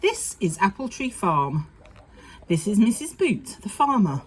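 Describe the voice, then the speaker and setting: A woman reading a children's farmyard story aloud in a slow, sing-song telling. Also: medium pitch, sing-song, breathy edge. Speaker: storybook narrator.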